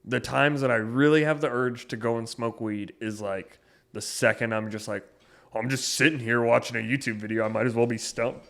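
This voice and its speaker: A man's voice: mid-range voice, fairly even intonation, fairly quick, vocal fry. Young man telling a rambling story. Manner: rambling storytelling, swears a lot, gets loud when riled. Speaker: podcast co-host. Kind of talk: casual chat.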